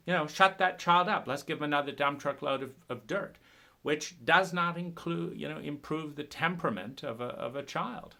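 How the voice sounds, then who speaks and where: A man talking about his own painful past in an emotional, halting monologue, often repeating words and swearing when upset. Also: on the high side, gravelly, pushed and bright. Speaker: speaker sharing personal story.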